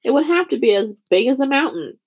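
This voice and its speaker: A woman reading a worried, earnest young boy in a storybook, pitched a little higher than her narration. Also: sing-song, quick pace, husky, full character voice. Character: earnest boy hero, anxious and questioning.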